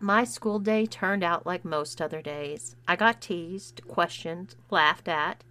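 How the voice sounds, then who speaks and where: A woman's voice: mid-range voice, sharp tone. A woman narrating a first-person story and voicing its dialogue herself. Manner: acts out dialogue with shifting voices.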